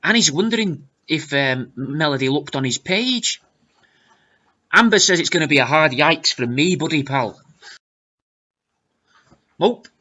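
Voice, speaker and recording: A man reading out comments with wry, deadpan asides in a casual commentary. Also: fairly high pitch, normal speed, lo-fi sound. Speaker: video creator reading comments.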